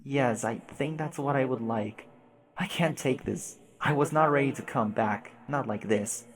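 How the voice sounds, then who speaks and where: A man's voice: mid-range voice, measured pace, in a large hall, close to an everyday voice. A man reading aloud and voicing a grieving, lonely young girl who pleads in a shaky, upset way.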